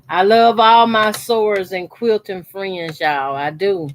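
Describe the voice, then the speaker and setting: A woman's voice: medium pitch, slow pace. A woman, chatting casually to her viewers while she cuts fabric scraps for a quilt, emphatic and repetitive. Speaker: sewing channel host. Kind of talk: casual chat while sewing. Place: her sewing corner at home.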